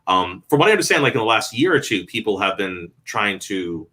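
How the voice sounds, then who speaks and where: A man's voice: lowish voice, a little fast. A man hosting a casual panel discussion about old movies, talking with eager enthusiasm. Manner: enthusiastic, animated storyteller. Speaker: panel host.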